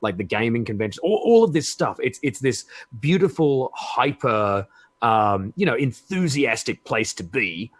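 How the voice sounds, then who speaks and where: A man's voice: mid-range voice, very animated, normal speed, no room sound. A man with an Australian accent, chatting enthusiastically as a guest and swearing freely. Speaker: guest comedian. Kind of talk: casual chat.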